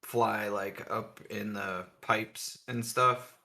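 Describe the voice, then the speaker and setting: Tabletop player, man, very slow and hesitant, bright tone. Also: on the low side, steady tone. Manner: hesitant, short replies. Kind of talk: tabletop game play.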